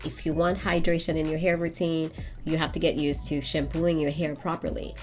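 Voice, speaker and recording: A woman's voice: sits low, little pitch movement, normal speed, a little mellow, faint music behind. A young woman with a congested, stuffy voice, chatting playfully with her viewers in a casual hair tutorial. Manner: playful, sassy asides to viewers. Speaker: hair vlogger.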